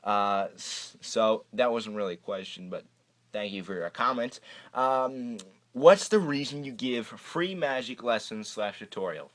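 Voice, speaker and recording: In his casual Q&A vlog, a young magic channel host takes viewer questions, talking chattily and often restarting hesitantly. He sounds expressive and measured, with a fairly low voice, recorded through a camera mic.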